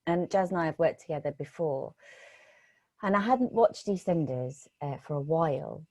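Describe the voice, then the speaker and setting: A woman being interviewed as an actress, telling stories in a lively way and acting out past conversations. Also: low-pitched, moderate pace, no room sound. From Britain. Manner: animated storytelling, re-enacts conversations. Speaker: actress guest.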